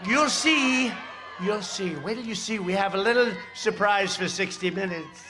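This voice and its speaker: This older political speaker, in his seventies, addresses an outdoor rally from a podium microphone, wandering off on sarcastic tangents and repeating himself. His voice sits high at a moderate pace, with a noisy crowd audible behind him.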